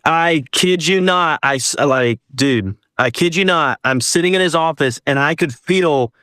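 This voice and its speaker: A man's voice: on the high side, measured pace, no echo, clean studio sound. A man telling a personal story as a guest, casually, acting out what people said. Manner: animated, acts out dialogue with quoted voices.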